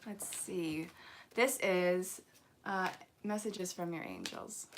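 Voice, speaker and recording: Chatty woman reading angel cards, lower voice. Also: takes it slowly, slight background noise. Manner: chatty, talks to viewers in the chat, laughs often. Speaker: angel card reader and host. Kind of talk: live-streamed card reading, chatty.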